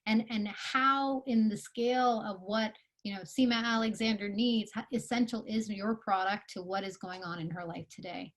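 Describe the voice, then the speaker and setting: A woman's voice: medium pitch, fairly even intonation, normal speed, few pauses. A woman giving a live online workshop talk to founders, earnest and coaching, with many fillers and restarts. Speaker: conference speaker.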